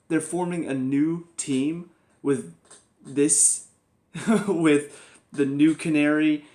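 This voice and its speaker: A man's voice: a little high, darkish tone. Exasperated young man reviewing a show. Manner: exasperated, sarcastic, laughs at the plot. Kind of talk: casual spoken review.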